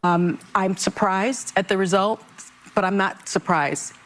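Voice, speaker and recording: A woman giving measured, reflective commentary with small hesitations. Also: medium pitch.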